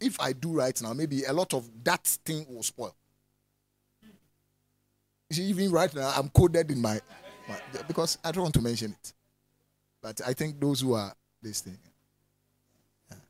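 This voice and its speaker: A man preaching a lively sermon, swinging from loud calls to soft asides and laughing often. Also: fairly high pitch.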